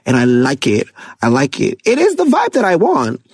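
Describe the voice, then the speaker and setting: A young man giving casual, excitable commentary on songs, laughing often and rapping lyrics aloud. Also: on the high side, moderate pace, husky, dry recording. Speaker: music reviewer. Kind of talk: casual music reaction commentary.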